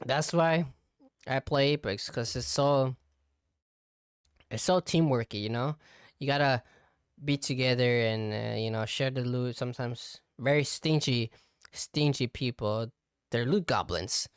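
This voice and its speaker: A man's voice: medium pitch, measured pace, clean tone, dry recording, studio quality. A young man hosting a casual solo podcast as a VTuber, rambling with lots of fillers.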